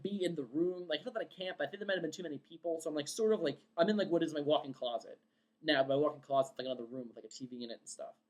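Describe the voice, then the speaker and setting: Rambling young woman recounting a dream. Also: deep voice. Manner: rambling, filler-heavy, acts out quotes excitedly. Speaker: vlogger. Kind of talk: casual storytelling vlog.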